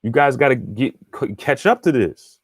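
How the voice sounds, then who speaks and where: A spiritual teacher and astrologer delivers a casual teaching monologue, answering viewer questions. His medium-pitched, slightly rough voice has lively intonation at a moderate pace, and he often checks in with the listener and restarts phrases while thinking aloud. The studio sound is clean with no echo.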